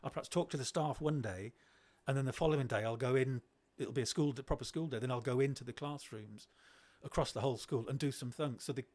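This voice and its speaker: A middle-aged man, a podcast guest telling classroom stories in a lively way, often restarting his sentences. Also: mid-range voice, fast, few pauses. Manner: animated, acts out children's voices, frequent restarts. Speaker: guest, education speaker. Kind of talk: conversational storytelling.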